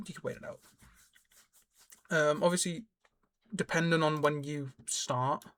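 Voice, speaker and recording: Man rambling through a game tutorial. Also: on the high side. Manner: rambling, self-correcting, explains as he plays. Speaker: gaming YouTuber. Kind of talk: casual gameplay tutorial commentary.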